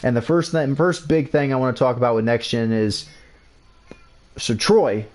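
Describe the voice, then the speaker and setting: A man's voice: mid-range voice, moderate pace, darkish tone. A man hosting a casual livestream, talking loosely and often repeating words and restarting sentences. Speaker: streamer host.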